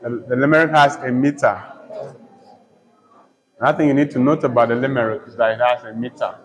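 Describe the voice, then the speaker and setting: A man's voice: medium pitch, steady tone, a little fast, lo-fi sound. A man teaching a poetry lesson, repeating each term several times and spelling words out letter by letter. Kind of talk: slow poetry lesson with dictation.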